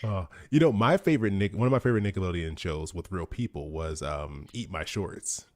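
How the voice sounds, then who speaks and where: A man's voice: low voice, fairly quick, a little mellow. A man in his thirties co-hosting a podcast, chatting casually with dry jokes and nerdy asides. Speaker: podcast co-host. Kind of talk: casual chat.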